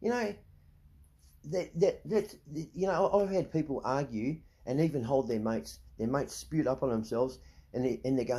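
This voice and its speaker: A man's voice: medium pitch, moderate pace, warm tone. A middle-aged Australian man ranting to camera, blunt and profane, repeatedly asking "right?" as he talks. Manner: heated, indignant. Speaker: vlogger.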